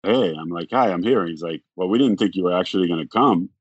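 Man, deep voice, casual storyteller, acts out quotes, dry muffled recording. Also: fast talker, slightly rough, no room sound. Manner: rambling, acts out quoted dialogue, frequent "like". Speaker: podcast guest.

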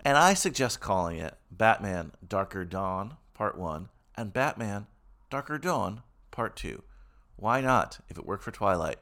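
A man's voice: fairly low pitch, lively intonation, unhurried, a bit bright. A man co-hosting a podcast, chatting casually in a playful, joking way. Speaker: podcast co-host. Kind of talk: casual chat.

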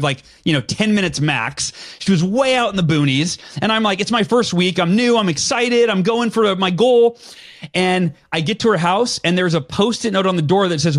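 A man in his forties, a podcast guest, telling a story with energy and acting out what he said to himself back then. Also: on the high side. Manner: animated storyteller, acts out his own past voice.

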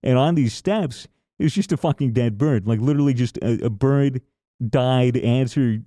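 Laughing man, mellow tone. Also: medium pitch, normal speed, dry recording, studio quality. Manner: animated storyteller, laughs often. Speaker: podcast co-host. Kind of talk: casual chat.

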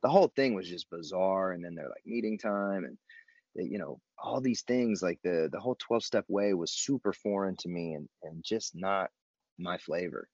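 Low male storyteller, laid-back and slangy, dry dull lo-fi recording. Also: moderate pace, darkish tone, no echo. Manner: laid-back, slangy, self-mocking humor. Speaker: guest telling his recovery story. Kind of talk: casual storytelling chat.

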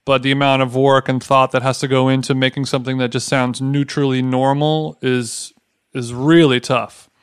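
A man's voice: mid-range voice, level tone, normal speed, smooth, no room sound, studio quality. A man co-hosting a podcast in casual chat, with a wry, joking manner. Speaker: podcast co-host.

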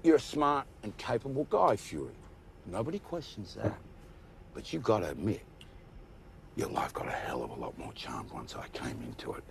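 A sardonic alien spy. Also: male voice, on the low side, very animated, normal speed, vocal fry, a little hiss or hum. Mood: aggrieved. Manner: sarcastic, stumbling restarts, building rant. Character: shapeshifting alien male spy, aggrieved and sardonic. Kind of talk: TV series dialogue.

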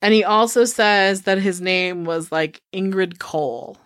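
A woman's voice: mid-range voice, measured pace, a bit bright, no echo, clean studio sound. A young adult woman co-hosting a podcast, loosely retelling a film plot with lots of fillers and swearing. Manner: loose, profane retelling full of "like". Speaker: podcast co-host. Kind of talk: casual film recap chat.

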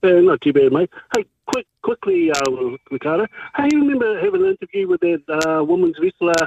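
Gravelly New caller on a dull line. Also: male voice, high voice, very animated, a little hiss or hum. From New Zealand. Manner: hesitant, halting, full of ums. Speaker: caller to a sports radio quiz. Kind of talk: casual phone-in chat. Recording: dull lo-fi phone line with faint music.

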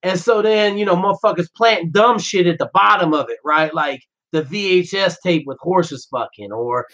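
A man with a fairly high voice tells profane war stories as a podcast guest. He talks in a brash, loose way and keeps swearing. He drops into the voices of other people when he quotes them. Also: moderate pace, fairly bright tone, dull audio. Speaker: podcast guest, former Navy SEAL. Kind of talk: casual profane storytelling.

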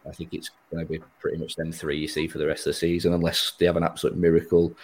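A man's voice: a bass voice, monotone, racing, a little mellow, low-quality recording. A man hosting a podcast, chatting casually about football with a rambling, easygoing manner and frequent laughs. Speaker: podcast host.

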